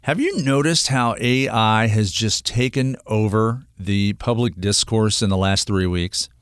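A man's voice: on the low side, unhurried, a bit bright, clear, resonant tone, dry recording, clean studio sound. A middle-aged man hosting a radio talk segment, talking earnestly and rambling with lots of fillers and restarts. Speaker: radio show host.

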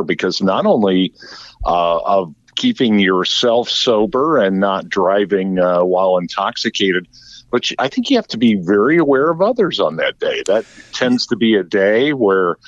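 Low-voiced male co-host, dull sound. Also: no room sound. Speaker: radio co-host. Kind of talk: casual radio chat.

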